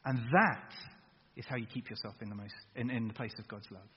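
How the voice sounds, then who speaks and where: A man preaching a sermon, asking his listeners direct questions in a lively way. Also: medium pitch, brisk, breathy edge. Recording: dull recording with long hall reverb.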